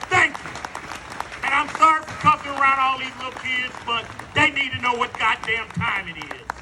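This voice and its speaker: A man's voice: very high voice, moderate pace, background noise. Middle-aged man, fiery and cussing, speaking outdoors into a PA mic with a crowd murmuring behind him. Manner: fiery, profane, repeats his rallying lines. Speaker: rally speaker. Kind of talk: impassioned protest speech. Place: outdoor rally.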